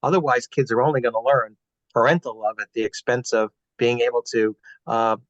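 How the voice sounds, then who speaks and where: A man's voice: mid-range voice, fairly even intonation, brisk, no room sound. A man speaking earnestly as a guest on a webinar, advising parents on family values. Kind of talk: webinar talk. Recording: dull, dry webinar audio.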